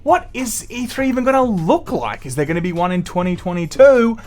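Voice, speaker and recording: A man's voice: high voice, a little fast. A man with an Australian accent hosting a gaming news show, giving blunt, opinionated commentary. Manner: animated, blunt and scornful.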